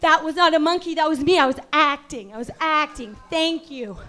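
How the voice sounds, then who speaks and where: A woman's stand-up act at a comedy venue casts her as a self-serious acting coach who works the crowd. In a very high-pitched voice at normal speed, she lectures deadpan, then suddenly yells in outrage.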